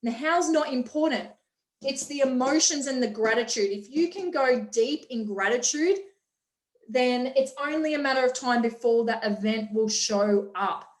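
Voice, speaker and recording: Energetic woman hosting a motivational workshop; high voice, echoey room. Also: moderate pace. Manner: energetic, enthusiastic, acts out quotes. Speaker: workshop host. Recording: roomy echo.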